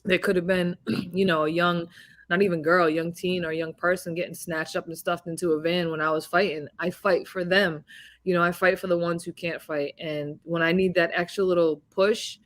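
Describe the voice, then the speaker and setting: A woman's voice: on the low side, normal speed. A woman boxing champion talking in a casual interview over a video call, telling stories and acting out the voices of people she quotes. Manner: animated storyteller, acts out quoted dialogue.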